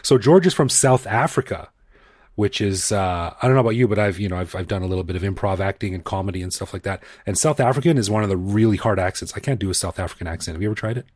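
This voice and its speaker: A man's voice: fairly low pitch, fast talker, dry recording, clean studio sound. A man co-hosting a podcast in a casual, jokey chat. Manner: jokey, animated. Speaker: podcast co-host. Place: living in Bangkok.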